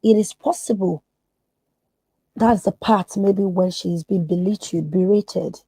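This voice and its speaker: Emphatic woman therapist, mellow husky tone. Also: medium pitch, takes it slowly, no echo, rough recording. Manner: emphatic, acts out quoted voices. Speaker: therapist and podcast guest. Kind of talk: earnest podcast conversation.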